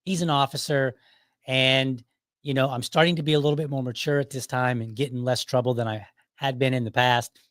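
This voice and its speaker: A man's voice: mid-range voice, steady tone, a little fast, a bit bright, no room sound. A middle-aged man hosting his own show, telling a casual story in a loose, conversational way and chuckling often as he goes. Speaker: podcast host.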